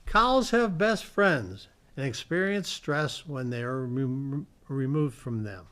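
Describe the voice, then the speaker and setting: A man's voice: medium pitch, lively intonation, slow pace, fairly bright tone. A man hosting a community television show, reading fun facts from slides in a studio, now and then stumbling over words and correcting himself. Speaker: host.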